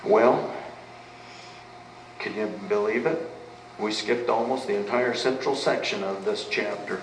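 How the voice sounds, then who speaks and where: A pastor in the middle of a sermon, his voice sitting somewhat low. He drives points home with questions he answers himself. The recording catches him from a distance in a reverberant church, with a faint hiss underneath. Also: steady tone, a little slow. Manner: emphatic, asks and answers rhetorical questions. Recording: echoey room, mic at a distance, faint background noise.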